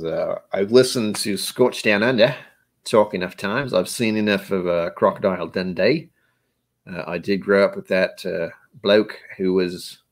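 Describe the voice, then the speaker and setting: Rambling, jokey man with a lowish voice. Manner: rambling, jokey, talks to chat. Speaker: whiskey tasting streamer. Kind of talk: casual live-stream chat.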